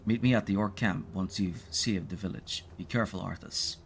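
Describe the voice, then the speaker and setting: A man reading out the lines of a seasoned, fatherly older paladin in a steady way. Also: deep voice, moderate pace, vocal fry, a little hiss or hum.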